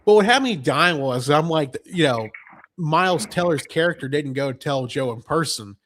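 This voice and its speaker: A man's voice: a little high, lively intonation, normal speed, a bit bright, slight background noise. A man co-hosting a movie review chat, retelling scenes at length with lots of fillers and quoted lines. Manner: rambling recap full of fillers and quoted lines. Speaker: podcast co-host reviewing a film. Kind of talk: casual chat.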